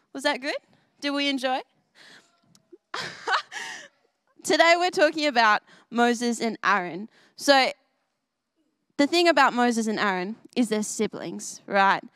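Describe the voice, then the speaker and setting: A woman's voice: fairly high pitch, fairly bright tone, smooth, no room sound. A young woman leading a children's church message, bubbly and full of questions for the kids. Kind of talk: kids' sermon. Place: church service.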